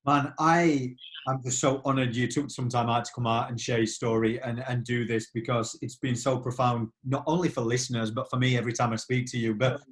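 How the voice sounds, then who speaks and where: A man's voice: medium pitch, fairly even intonation, a little fast. A man hosting a podcast interview, speaking in an effusive, admiring way. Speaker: podcast host. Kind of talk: casual interview talk.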